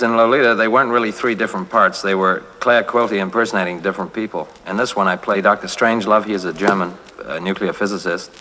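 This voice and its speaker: An actor in a 1960s radio interview, answering in a rambling, hesitant and playful way. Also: male voice, low-pitched, bright, forceful tone. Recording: 1960s radio, long reverb.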